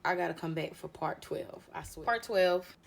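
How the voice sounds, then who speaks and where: A young woman recounts a personal story in casual story-time style. Her voice sits a little low, and she voices the people in her story as she goes. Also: moderate pace, vocal fry. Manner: conversational retelling with quoted dialogue. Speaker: storyteller in clip.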